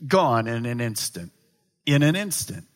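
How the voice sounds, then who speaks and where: A middle-aged male pastor preaching a sermon, swinging from loud to hushed. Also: mid-range voice, big pitch swings, a little slow.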